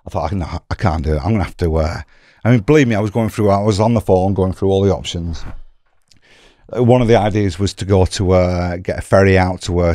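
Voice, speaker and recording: English man, middle-aged, very low voice, animated storyteller who acts out dialogue, dry close sound. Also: dry recording. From England. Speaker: podcast guest telling his story. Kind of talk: casual storytelling.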